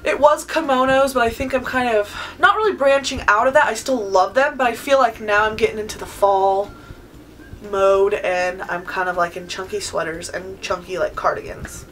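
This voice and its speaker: A woman's voice: medium pitch, fairly even intonation, normal speed, a bit bright, slight background noise, poor audio. A woman in her twenties from California, answering viewer questions in a casual vlog, chatty and full of "like" and "um". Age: 20s. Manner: chatty, sprinkles in "like" and "um". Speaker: beauty vlogger.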